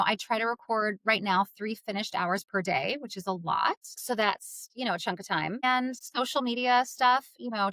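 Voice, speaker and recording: A middle-aged woman audiobook narrator chatting as an interview guest, upbeat and quick to laugh. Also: a bit bright, no room sound. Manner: bubbly, laughs often, drops into low voice to demonstrate. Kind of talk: casual interview chat.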